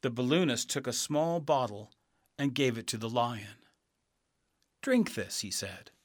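A man reading a storybook aloud, slow and expressive. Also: mid-range voice, no room sound, clean studio sound. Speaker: narrator.

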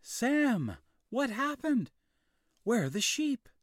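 A man voicing a worried, gentle village mother in a storybook reading, in a raised, soft voice. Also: very high voice, very animated, slow, no room sound, clean studio sound, voice pushed up, exaggerated voice. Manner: anxious then soothing.

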